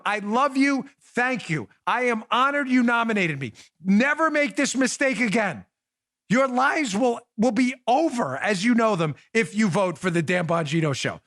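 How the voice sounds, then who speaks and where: A fairly high-pitched man hosting a talk podcast, his voice swooping up and down as he rambles in sarcastic mock pleas. He restarts his sentences often. The sound is dry and close to the mic. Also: big pitch swings, moderate pace, a bit bright, dry recording. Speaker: podcast host. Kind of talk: animated political talk show monologue. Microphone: studio microphone.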